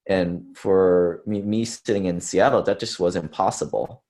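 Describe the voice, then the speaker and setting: Deep-voiced man giving a casual talk. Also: a little slow, darkish tone. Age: under 30s to early 40s. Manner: conversational, filler-heavy, self-deprecating. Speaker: conference speaker.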